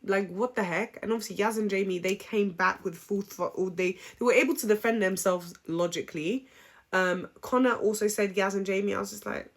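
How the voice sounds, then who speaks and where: A woman giving a casual, opinionated recap, chatty and animated, with frequent ums. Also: medium pitch, a little fast. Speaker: reality show recap vlogger.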